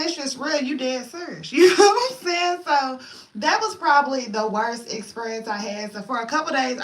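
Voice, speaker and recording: Animated bright-voiced woman telling a story. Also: fairly high pitch. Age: 30s. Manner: animated, dramatic retelling with slang. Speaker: storytime vlogger. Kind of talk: casual storytime vlog.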